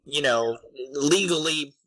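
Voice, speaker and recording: Young male podcast co-host, bright and forceful voice, dry close mic, joking casual chat. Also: fairly high pitch, slow pace, dry recording, rough recording. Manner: joking, loose, trails off with fillers.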